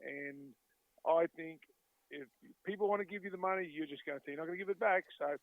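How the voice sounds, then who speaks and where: A man's voice: a little high, brisk, no echo. Australian man in his fifties on a tinny line. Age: 50s. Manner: chatty anecdotes, acts out quoted voices, laughs often. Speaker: guest, former rugby league player. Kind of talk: storytelling interview talk. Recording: dry, tinny phone-like line.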